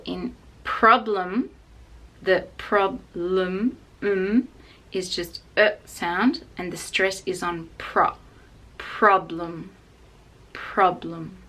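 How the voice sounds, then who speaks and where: A woman with an Australian accent teaching English pronunciation, saying each example word slowly and repeating it. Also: fairly low pitch, a bit bright. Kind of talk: pronunciation lesson.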